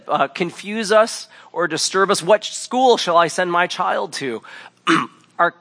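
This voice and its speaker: Male pastor, 30s, bright higher voice, wry conversational sermon delivery. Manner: conversational, wry storytelling with acted quotes.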